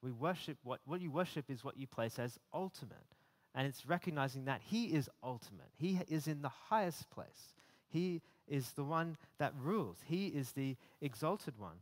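A man's voice: medium pitch, lively intonation, normal speed. A man giving a conversational sermon, often repeating words as he builds emphasis. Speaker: preacher.

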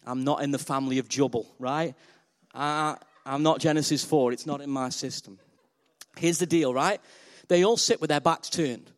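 A male pastor preaching a sermon in a playful, energetic way and speaking directly to the congregation. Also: a little high, moderate pace.

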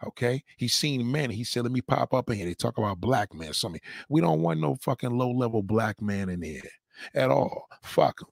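Creaky-voiced man heckling on a livestream. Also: mid-range voice, animated, moderate pace, no echo, clean studio sound. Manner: heckling, mocking, repetitive commands. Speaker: livestream host reacting to a clip. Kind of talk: profane live commentary.

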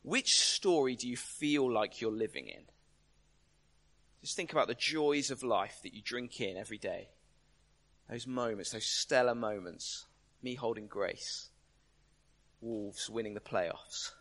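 A man's voice: mid-range voice, lively intonation, a little slow, long pauses, a bit bright. A man giving a conversational sermon, emphatic and full of rhetorical questions. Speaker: preacher.

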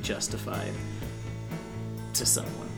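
A man's voice: slow pace, loud music behind the voice. A man hosting a podcast in casual chat, with a dry, sarcastic sense of humor. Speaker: podcast host.

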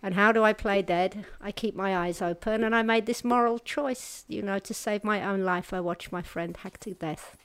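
A woman with a medium-pitched voice tells a personal testimony, earnest and halting. She moves between brisk stretches and slow, hushed passages. The sound is dry and close, with no room around it. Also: clear, resonant tone, no room sound. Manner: halting and earnest, with restarts and hushed pauses at hard moments; vivid storyteller, shifting between brisk and slow, quiet passages. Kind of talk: personal testimony told to an audience.

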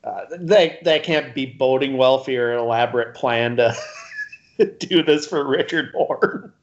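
A man's voice: mid-range voice, measured pace. Hesitant man chatting on lo-fi podcast. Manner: hesitant, many fillers, chuckling. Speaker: podcast co-host. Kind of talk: casual chat. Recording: dull lo-fi podcast audio.

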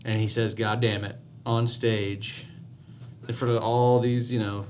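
A man trading loose, rambling stories in casual podcast banter, laughing along as he goes. His voice sits in a middle pitch. A faint hiss of background noise runs under the recording. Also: level tone, measured pace, a little mellow. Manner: rambling, laughs often, does mocking voices. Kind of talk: casual comedic chat.

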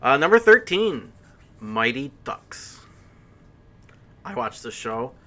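A man's voice: mid-range voice, very animated, slow, bright, forceful tone. A man hosting a casual podcast chat, eager and rambling as he talks. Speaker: podcast host.

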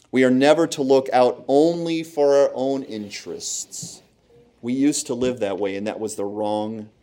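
A man in his thirties delivers a sermon in a steady middle-pitched voice. He is earnest and emphatic, hammering home his points by repeating phrases. He preaches to a small church gathering. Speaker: pastor.

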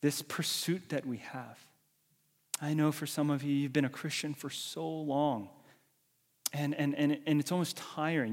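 A man preaching a sermon as a pastor, dramatic, swinging from loud calls to hushed whispers. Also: medium pitch, fairly even intonation, moderate pace. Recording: long reverb of a large hall.

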